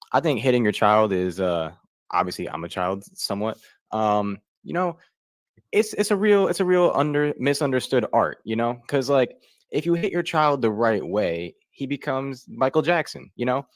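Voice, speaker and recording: A man's voice: mid-range voice, no echo. A young man doing a crude, rambling stand-up set with lots of fillers and loose storytelling. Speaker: comedian contestant.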